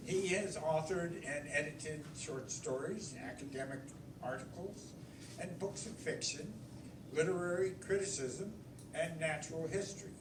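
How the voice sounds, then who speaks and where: Male event introducer, slow, halting; far mic, echoey room, noisy background. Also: fairly high pitch. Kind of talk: reading a speaker introduction. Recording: echoey room, distant mic, crowd hum.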